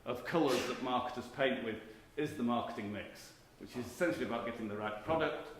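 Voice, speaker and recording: A man's voice: medium pitch, quick pace. A middle-aged man delivers a conference lecture in a mid-range voice, emphatic and conversational, often restarting his phrases. The recording carries the roomy echo of a hall, with a faint hum of noise underneath. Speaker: keynote speaker, marketing professor.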